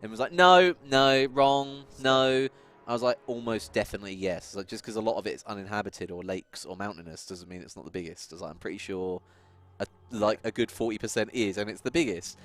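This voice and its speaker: A man's voice: lowish voice, fast, few pauses. A man co-hosting a live game stream, chatting casually and joking, laughing often. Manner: jokey, laughs often, excitable. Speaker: stream co-host. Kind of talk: casual live-stream chat over gameplay.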